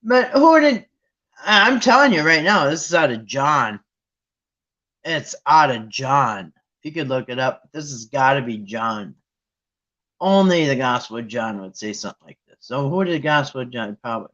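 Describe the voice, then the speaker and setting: A man's voice: medium pitch, moderate pace. Chatty man, dull lo-fi recording. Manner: chatty, muses aloud, many restarts and excited jumps. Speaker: host playing a Bible trivia game with viewers. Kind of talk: casual chat while thinking aloud. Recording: dull lo-fi sound.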